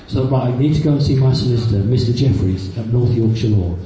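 A man with a very dark, medium-pitched voice talks fast as he tells a live audience about his personal experiences, his storytelling peppered with fillers and restarts. The recording was made in a very echoey hall with faint background noise.

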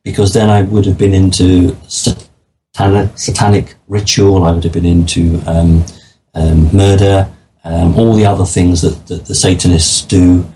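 A man with a very low voice answers an interviewer's questions, laying out his views in an earnest, matter-of-fact way. A faint hiss sits under the recording. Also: flat delivery, measured pace, warm tone, low-quality recording. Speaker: interview guest. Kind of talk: interview conversation.

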